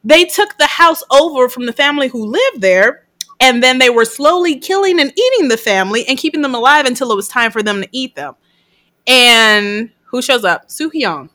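A woman co-hosts a laid-back podcast, recapping a movie with lots of swearing and laughter. Her voice sits fairly high and rings bright and forceful. She slips into the characters' lines as she tells the story. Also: expressive, normal speed. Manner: laughs often mid-sentence while recounting. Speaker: podcast co-host. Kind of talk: casual chat, retelling a film scene by scene.

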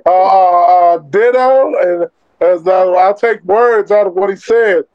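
Brief: male co-host, high voice, short jokey remarks, muffled audio. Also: slow, clean tone, dry recording. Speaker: podcast co-host. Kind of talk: casual faith chat.

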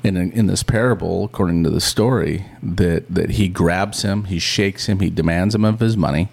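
Deep gravelly-voiced man telling a story. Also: normal speed. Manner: animated storyteller who acts out quoted lines; chatty and informal. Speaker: podcast co-host. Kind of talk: casual conversational Bible teaching.

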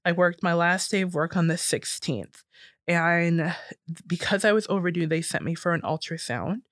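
A woman in her thirties telling a personal story in casual talk, jumping up in pitch when she quotes people. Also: moderate pace, no room sound, clean studio sound. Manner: animated, acts out quoted voices higher.

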